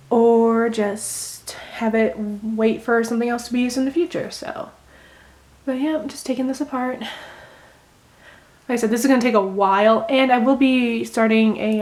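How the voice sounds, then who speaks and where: A young woman talks through a craft project in a loose, rambling way, full of little fillers and asides. Her voice sits a touch high, and her tone stays gentle and easygoing. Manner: rambling, gentle, thinks aloud with many fillers. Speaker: crochet vlogger. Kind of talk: casual how-to chat while unraveling knitting.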